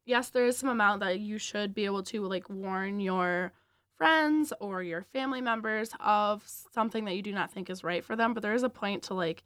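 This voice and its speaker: A young woman co-hosting a casual podcast in a measured way, steering the talk with questions. Her voice sits at a middle pitch and is recorded dry and close. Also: a bit bright, no room sound. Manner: measured, leads discussion with questions. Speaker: podcast co-host. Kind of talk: casual chat.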